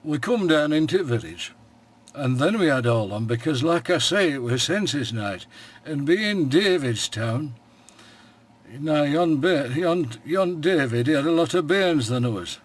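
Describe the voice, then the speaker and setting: An older actor voices a wry, plain-spoken old shepherd in a radio monologue, speaking with a broad Yorkshire accent and a dry, homely manner. His male voice is fairly high, expressive and unhurried, and the mood is chatty.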